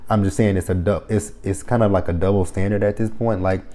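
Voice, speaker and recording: A man's voice: low-pitched, fairly even intonation, a little fast, mellow. A man giving a casual, opinionated TV review, blunt and heavily profane, with lots of fillers like "you know" and "um". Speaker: reality TV reviewer. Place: lives near the area the show covers.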